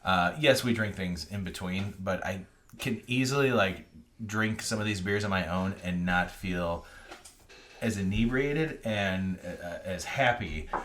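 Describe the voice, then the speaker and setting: A man's voice: low-pitched, a little slow, a bit bright, a little hiss or hum. A man hosting a beer podcast, talking casually and rambling. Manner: rambling, lots of fillers and restarts. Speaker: podcast host.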